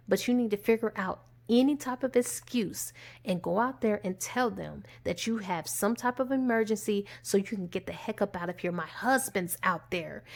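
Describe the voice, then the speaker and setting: A woman voicing a fed-up married woman who is firmly scolding an unwanted admirer in a low, hushed voice. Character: stern married woman warding off a stalker.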